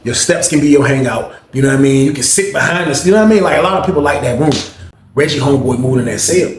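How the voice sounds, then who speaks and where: A man telling stories from prison life in a casual, animated way, jumping up in pitch to act out other people's lines. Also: fast talker, roomy sound, slight background noise. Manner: animated, acts out others' lines in a higher, louder voice. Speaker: storyteller recounting prison life. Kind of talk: casual storytelling to camera.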